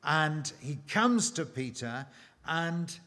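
A man preaching a sermon, slow and emphatic, with dramatic pauses and rhetorical questions. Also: fairly high pitch, lively intonation, bright, forceful tone.

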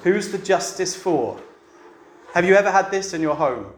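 With a high, expressive voice at normal speed, a family man gives a chatty sermon to a church congregation, often asking them rhetorical questions. It's recorded in an echoey room with faint ambient sound.

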